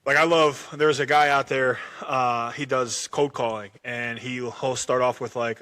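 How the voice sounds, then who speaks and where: Bright-voiced male podcast host. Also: medium pitch, fairly even intonation, a little slow, few pauses. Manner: chatty, repeats words while thinking. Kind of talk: casual interview chat.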